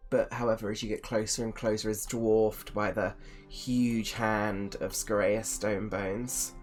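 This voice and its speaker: A man narrating a tabletop game as game master, rambling with many fillers. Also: medium pitch.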